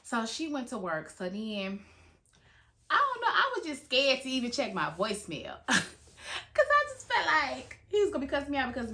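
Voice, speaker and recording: A woman tells a storytime tale in a loose, animated way. She swears freely and plays up every twist with big reactions. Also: a little high. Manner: animated, dramatic, heavy swearing. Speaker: storytime vlogger. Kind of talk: casual storytime.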